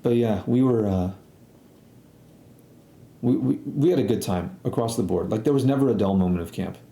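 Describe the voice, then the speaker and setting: A young man tells a casual storytime in a loose, excitable, slang-heavy ramble that keeps stopping for fillers. His voice is very dark and mellow. The room around him is noticeably echoey. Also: lowish voice, normal speed.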